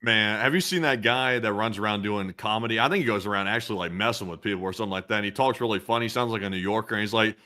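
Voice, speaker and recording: A man's voice: lowish voice, very fast, hardly any pauses, bright, forceful tone. A young man co-hosting a casual chat, easygoing and laughing at his own stories. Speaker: co-host. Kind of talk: casual chat on current events.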